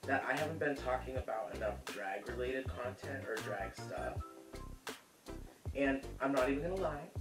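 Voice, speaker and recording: A man's voice: mid-range voice, moderate pace, echoey room, recorded from a distance, music in the background. A man hosting a casual cooking vlog, chatty and sassy, who calls viewers honey and laughs easily.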